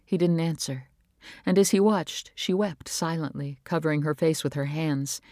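A woman narrating a novel as an audiobook, reading in a calm, even, measured way. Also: low-pitched, dry recording, clean studio sound. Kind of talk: scripted narration.

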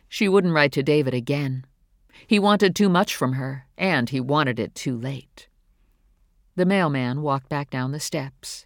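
A woman narrating a novel in a steady, measured reading voice. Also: sits low, dry recording, studio quality. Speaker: audiobook narrator. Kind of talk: scripted narration.

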